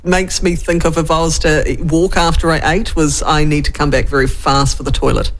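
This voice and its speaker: A woman's voice: deep voice, fairly even intonation, moderate pace. A woman co-hosting a casual radio chat, chiming in and laughing.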